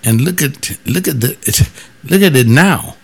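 A man who is a former pastor, telling stories in a blunt, emphatic casual monologue and jumping up in pitch when he quotes other people. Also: expressive, measured pace, vocal fry, slightly rough.

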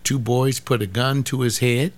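A man's voice: medium pitch, steady tone, moderate pace. An older man giving an informal sermon, repeating phrases for emphasis and talking straight to his listeners. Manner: repetitive, emphatic, conversational preaching. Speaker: pastor.

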